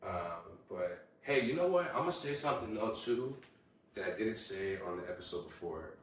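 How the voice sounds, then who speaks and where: A young man hosting a casual solo podcast, telling animated stories with lots of swearing and acting out what people said. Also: fairly low pitch, normal speed, distant mic. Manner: animated storytelling, heavy swearing, acts out quotes. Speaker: podcast host. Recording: very echoey room, voice away from mic.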